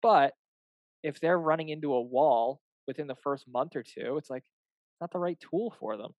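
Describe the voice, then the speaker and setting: A young man talks shop as a fitness coach, animated and loose, slipping into quick acted-out exchanges with clients. His voice sits a touch high for a man. The sound is dry and close with no room around it. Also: no echo, dull audio. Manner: animated, acts out client dialogues, swears casually. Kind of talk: casual podcast chat.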